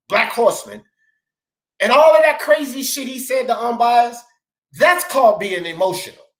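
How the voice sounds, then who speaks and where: Male host, passionate and profane, very lively pitch, roomy echoey sound. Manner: fired-up, profane, emphatic, repeats "bro" and "dog". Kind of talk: heated sports talk debate. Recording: roomy echo.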